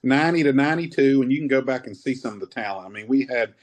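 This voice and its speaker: A man's voice: mid-range voice, animated, fast talker. Brief: fifties male wrestler guest, easygoing rambling storyteller, mid-range voice. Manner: rambling, laid-back, says man often. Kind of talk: casual interview storytelling.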